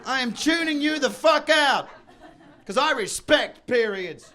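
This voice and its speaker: Working a live crowd at a comedy venue with an audience, a male stand-up comedian speaks brashly in a strikingly high, bright, forceful voice. He breaks into loud shouts and mock voices to sell his bits, with lively intonation and a slightly slow pace.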